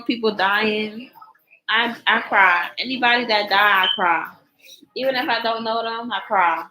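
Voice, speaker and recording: A woman's voice: on the high side, bright, forceful tone, poor audio. A young woman vlogging her reactions to videos, tearful and worn out from crying, rambling and repeating herself in casual chat.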